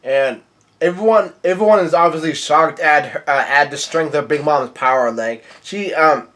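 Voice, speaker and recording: A man's voice: on the high side, normal speed, a bit bright. A young man casually recapping a manga chapter page by page, rambling with lots of fillers and restarts. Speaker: manga reviewer.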